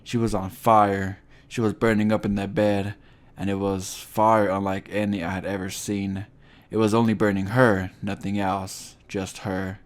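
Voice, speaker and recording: A man's voice: sits low, monotone, takes it slowly, hardly any pauses. A man doing a panicked nurse, frantic.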